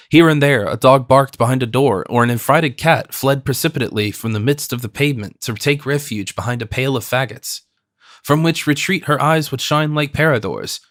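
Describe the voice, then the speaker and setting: This is scripted audiobook narration by a man with a mid-range voice. The studio sound is clean with no echo, and his storytelling stays steady and even.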